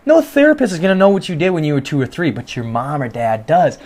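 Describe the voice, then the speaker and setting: A man's voice: on the high side, expressive, fast, darkish tone. A young man hosting his own podcast from his bedroom, talking through his thoughts in an earnest, rambling way with many restarts. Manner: earnest, rambling, self-reflective with frequent restarts. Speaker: podcast host. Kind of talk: casual solo podcast monologue. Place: home bedroom.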